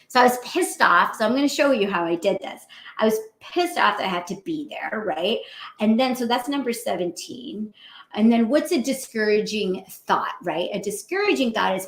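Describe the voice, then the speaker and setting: A woman physician hosting a show, giving a casual motivational talk in a lively, chatty way and laughing often. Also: medium pitch. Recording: roomy echo.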